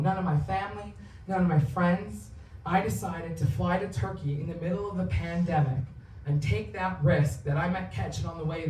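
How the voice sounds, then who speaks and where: A woman's voice: lowish voice, a little mellow, slight background noise. A woman in her thirties performing a candid, profane stand-up set, telling personal stories in a confessional way. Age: 30s. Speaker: stand-up comedian. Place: theatre stage. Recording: roomy, distant live theatre recording.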